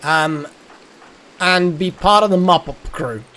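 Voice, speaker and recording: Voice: mid-range voice, slow, a bit bright. A streamer giving live gameplay commentary, thinking aloud, muttering and swearing at the game.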